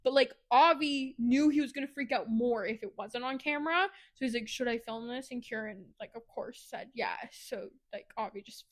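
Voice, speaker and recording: High-voiced chatty woman podcaster. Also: moderate pace, few pauses. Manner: chatty, animated retelling with laughs and asides. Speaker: podcast co-host. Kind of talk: casual book review chat.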